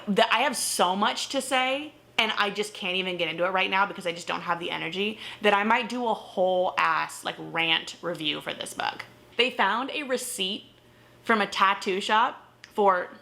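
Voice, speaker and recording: Bright, gravelly-voiced young woman ranting about books. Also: mid-range voice. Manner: animated, exasperated ranting with frequent laughs and swearing. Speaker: book vlogger. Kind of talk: casual book review monologue.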